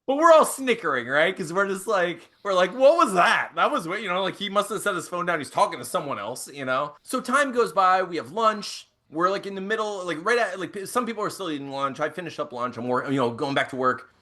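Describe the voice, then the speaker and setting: A man hosting a podcast, telling a casual story in an animated way with frequent chuckles and restarts. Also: sits high, a little fast, hardly any pauses. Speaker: podcast host.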